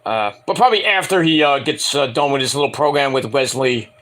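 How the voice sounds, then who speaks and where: A man's voice: mid-range voice, fairly quick, fairly bright tone. A man reviewing a wrestling show at home in a casual, rambling rant, profane and mocking, often acting out quotes.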